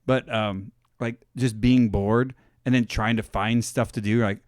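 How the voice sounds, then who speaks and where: A man's voice: fairly low pitch, fairly even intonation, unhurried, hardly any pauses, darkish tone, dry recording, clean studio sound. A young adult man co-hosting a podcast, telling loose, rambling stories full of "like" and "dude". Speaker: podcast co-host. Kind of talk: casual chat.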